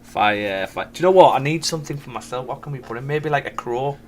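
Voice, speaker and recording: A man's voice: medium pitch, animated, fast talker. A man giving casual live commentary as a forex trader, thinking aloud and chatting to viewers. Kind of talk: live trading stream commentary.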